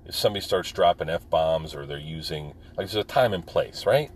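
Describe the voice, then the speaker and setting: Very low voiced veteran guy just rambling openly, lots of ums, faint room hiss. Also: expressive, normal speed. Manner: candid, rambling, many fillers. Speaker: military veteran. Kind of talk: casual monologue.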